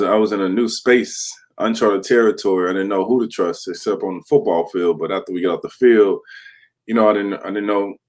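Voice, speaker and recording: Man, 30s, low voice, podcast guest, candid storytelling, acts out quotes. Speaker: guest, former pro football player.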